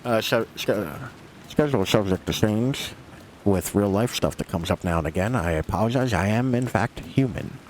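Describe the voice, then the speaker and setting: A man with a lowish voice talks at a moderate pace, a little hiss or hum audible. During casual let's-play commentary he streams a game, rambles to viewers, jokes at his own expense, and swears casually.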